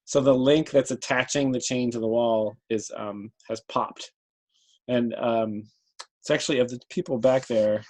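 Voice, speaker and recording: Halting man running a tabletop game. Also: medium pitch, fairly even intonation, a little mellow, rough recording. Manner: halting, thinks aloud with many ums. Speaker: game master.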